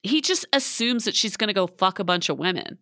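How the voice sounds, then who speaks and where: A woman's voice: mid-range voice, lively intonation, a little fast, bright, forceful tone, dry recording, studio quality. A woman co-hosting a podcast, chatting casually about a TV episode with lots of fillers and giggles. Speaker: podcast co-host. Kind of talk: casual recap chat.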